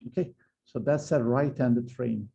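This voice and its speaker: Creaky and warm, a man's medium-pitched voice moves a little slowly through a university physics explanation. He proceeds step by step, frequently hesitating, filling pauses and starting over, and the lo-fi lecture recording sounds slightly dull.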